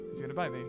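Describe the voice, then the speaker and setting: A young man giving excited commentary while playing a survival game, laughing often and putting silly lines in the creatures' mouths. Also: mid-range voice. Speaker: gaming YouTuber. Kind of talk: let's play commentary. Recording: game music behind.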